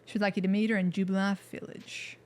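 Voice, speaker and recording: A woman's voice: medium pitch, level tone, quick pace, darkish tone, natural voice. A woman voicing a young man with a put-on American Southern drawl, reading game dialogue with folksy hillbilly talk.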